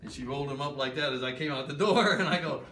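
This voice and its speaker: A man's voice: a little high, fast talker, sharp tone. Older man, chatty ghost-story guide, echoey old wooden room. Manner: chatty, acts out quoted voices. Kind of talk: storytelling tour talk. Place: old wooden building, indoors. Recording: roomy, distant, noisy camera audio.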